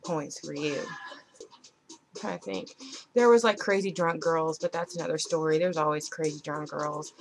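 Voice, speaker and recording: A woman's voice: on the high side, low-quality recording. A young woman chatting about a concert she went to, gushing and rambling with lots of "like" and acted-out quotes. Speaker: vlogger. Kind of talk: casual chat.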